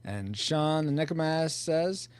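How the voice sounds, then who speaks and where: Animated man hosting a podcast. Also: fairly high pitch, clean tone, dry recording. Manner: directing others, quick to laugh. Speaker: podcast host. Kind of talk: casual chat, running the recording.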